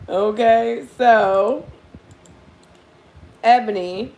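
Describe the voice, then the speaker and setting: A woman's voice: mid-range voice, measured pace, pauses often, slight background noise. A woman giving a casual live tarot reading for viewers, blunt and profane, often laughing as she talks. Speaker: tarot reader.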